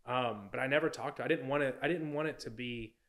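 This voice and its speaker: A man's voice: mid-range voice, fast talker, a bit bright. A young man, a podcast guest, telling a personal story in a casual, rambling way, full of "like" and "you know".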